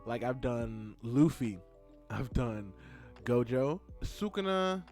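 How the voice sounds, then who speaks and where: A man chatting casually in a rambling, excitable way while narrating his drawing video. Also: medium pitch, slow pace, faint music behind. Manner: rambling, excitable, with many fillers. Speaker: art content creator.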